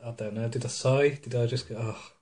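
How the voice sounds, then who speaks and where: A man, co-hosting a casual podcast chat and retelling a film in a mocking, animated way with put-on voices. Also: mid-range voice, fast. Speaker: podcast co-host. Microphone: studio microphone.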